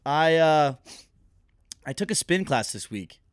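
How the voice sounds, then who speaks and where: A young man chatting casually as a podcast co-host, telling animated stories and laughing often. His voice sits a little high for a man. The sound is dry and close, with no room around it. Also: slow pace, clean tone, dry recording. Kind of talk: casual chat.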